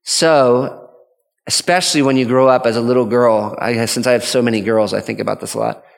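A man's voice: mid-range voice, fairly even intonation, fairly quick, gravelly, big-room sound. A man giving an earnest, conversational teaching talk on parenting as a father, often restarting his sentences. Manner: earnest, rambling with frequent restarts.

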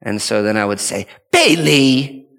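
In a big-room acoustic, a man delivers an earnest, conversational talk about parenting from a father's perspective. He rambles and frequently restarts sentences, speaking at a moderate pace in a steady, medium-pitched, creaky voice.

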